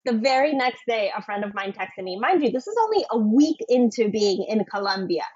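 A woman telling a personal story as a podcast guest, earnest and emotional, sometimes dropping to a soft whisper. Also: fairly high pitch, sing-song, brisk, slightly rough, no room sound. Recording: dull, lo-fi sound.

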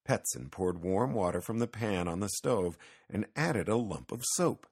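A man with a low, husky voice reads a children's storybook aloud. His delivery is lively and expressive, rising and falling widely as he tells the tale. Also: a little slow. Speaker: narrator.

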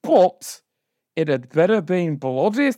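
A man's voice: high voice, big pitch swings, slow pace, background noise, heavily acted. A man voicing an indignant, pompous parent who sounds off in a comedy sketch with haughty, theatrical outrage. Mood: outraged.

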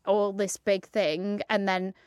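An English woman co-hosting a casual podcast, talking at a middle pitch in a dry, close recording. She chats freely, swears often and laughs along as she tells stories. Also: little pitch movement, slow pace, a little mellow, clean tone, no room sound. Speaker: podcast co-host. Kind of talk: casual chat.

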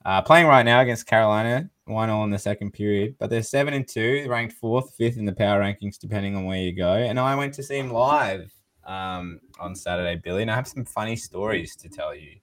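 A man's voice: lowish voice, brisk, a bit bright. A man co-hosting a podcast, telling sports stories in a casual, swearing, laughing way. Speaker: podcast co-host. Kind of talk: casual chat.

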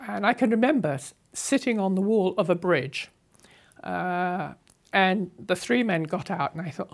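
A woman in her eighties, unhurriedly telling a story from her past as an interviewee, with a wry touch and soft laughs. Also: on the low side, a little slow, creaky. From England. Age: 80s. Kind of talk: reminiscing storytelling.

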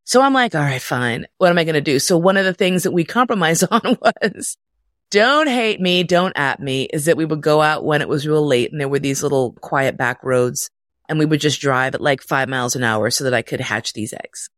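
A middle-aged woman casually telling a personal story, animated and profane, jumping into high voices when quoting. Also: moderate pace, no room sound, clean studio sound.

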